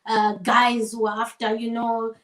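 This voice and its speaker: A high-pitched woman spins an animated story in easygoing conversation, laughing often and slipping into voices for the people she describes. The sound is roomy, with a clear echo off the walls. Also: unhurried. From Zambia. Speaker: guest singer. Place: home setting over a shared meal.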